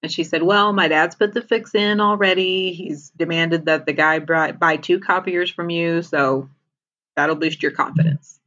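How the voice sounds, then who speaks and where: A woman's voice: lowish voice, fairly even intonation, a little slow, bright, forceful tone, muffled recording. A woman casually retelling a TV episode as a podcast co-host, laughing often as she talks.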